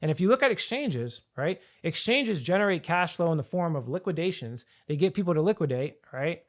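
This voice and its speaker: A man coaching viewers on finance in an energetic, rambling talk to camera, often repeating and restarting his phrases. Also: a little high, fairly quick. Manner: energetic, rambling, hype-building. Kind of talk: hyped talk to camera with slides.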